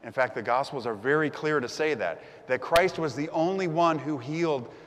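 A man's voice: a little high, normal speed, a bit bright, in a large hall, a little hiss or hum. A man preaching a sermon as the pastor, telling the story vividly and acting out the crowd's voices.

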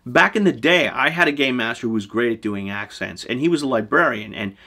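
Animated man teaching game mastering. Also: medium pitch, fairly quick. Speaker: show host giving game master advice. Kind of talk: scripted talk to camera.

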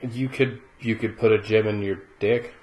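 A man's voice: fairly low pitch, fairly even intonation, moderate pace, a little mellow. A man co-hosting a casual gameplay session, teasing his partner and giving gameplay advice. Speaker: co-host of a let's play. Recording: roomy echo with faint game music.

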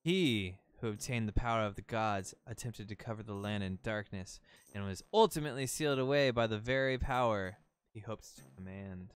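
A man's voice: lowish voice, moderate pace, clear, resonant tone, natural voice. A man voicing a wise, solemn talking boat who guides a hero, reading game dialogue aloud on stream and tripping over words. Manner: reads text boxes aloud, stumbles on words.

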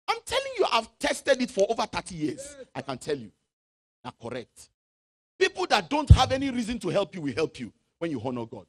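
Dramatic, high-pitched Nigerian-born preacher. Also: male voice, wildly swooping pitch, fairly quick. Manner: preaching with dramatic swings from loud shouts to low asides; reads scripture aloud in a chanting, sung tone. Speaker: pastor. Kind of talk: sermon.

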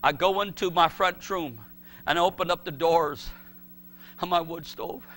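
A middle-aged man preaching a sermon, swinging from shouted pleas to hushed words. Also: fairly high pitch. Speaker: pastor.

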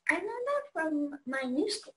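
A woman's voice: sits high, very animated, normal speed, sharp tone, echoey room, poor audio. An eight-year-old girl answering questions in short, shy replies in her bedroom. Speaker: guest.

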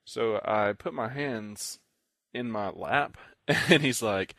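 A man's voice: fairly low pitch, moderate pace, fairly bright tone, no room sound. A young man co-hosting a podcast in casual chat, rambling through a story and acting out what other players said. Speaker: podcast co-host.

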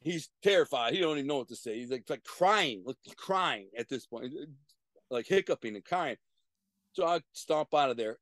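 A middle-aged man, a guest on a video-call interview, telling profane street stories in an animated way with sudden loud bursts. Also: mid-range voice, moderate pace, dry recording. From Detroit, USA. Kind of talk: casual storytelling.

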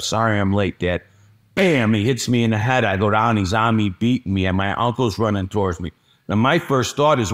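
Guy on a podcast, kinda low voice, tells it blunt and dramatic. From Chicago, USA. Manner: blunt, dramatic retelling with rhetorical "okay?" asides. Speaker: podcast guest. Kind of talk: storytelling in a podcast interview.

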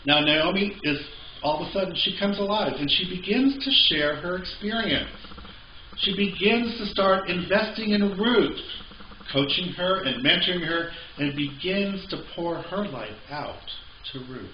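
A man's voice: a little high, normal speed, a little hiss or hum. A male pastor preaching a sermon in a conversational way with joking asides, in a church sanctuary. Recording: echoey, slightly dull church recording.

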